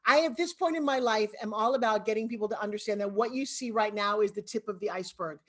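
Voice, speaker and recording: A woman from Long Island with a New York accent, telling her life story as an expressive, talkative guest on a video call interview. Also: mid-range voice, quick pace. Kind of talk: animated storytelling.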